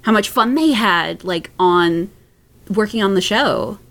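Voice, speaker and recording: A woman talking as a podcast guest in a casual chat, laughing often and pausing on fillers. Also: mid-range voice, fairly bright tone.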